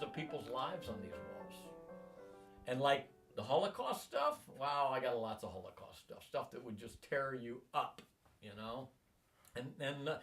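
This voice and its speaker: A man's voice: medium pitch, distant mic. A man in his sixties telling long personal stories in a rambling way, acting out the voices of people he quotes. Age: 60s. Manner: animated, acts out quoted voices. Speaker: interviewee.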